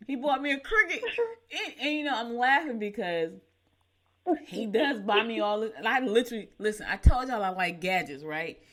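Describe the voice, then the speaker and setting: Brisk and expressive, this mid-range female voice belongs to a middle-aged woman hosting a morning show. She chats casually, reads the horoscopes, and spins folksy tales, often laughing at her own expense.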